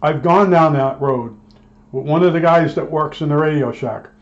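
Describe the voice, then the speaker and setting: A man tells a casual, rambling story about his work as an electronics technician, slipping into the back-and-forth of old arguments. His voice sits a touch high for a man. The recording sounds dull and lo-fi. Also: moderate pace. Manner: rambling, acts out both sides of old arguments.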